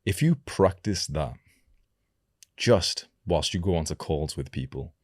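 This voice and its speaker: A young man coaching viewers in a direct-to-camera vlog, instructive and deliberate, demonstrating his own voice as he explains. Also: sits low, lively intonation, a little mellow, dry recording, clean studio sound. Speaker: self-improvement coach.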